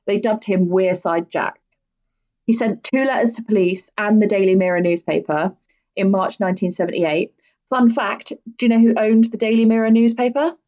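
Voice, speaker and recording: A woman's voice: mid-range voice, steady tone, moderate pace, darkish tone. A woman hosting a podcast, telling true-crime stories in a casual, blunt way and swearing freely. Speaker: podcast host. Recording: dull lo-fi audio.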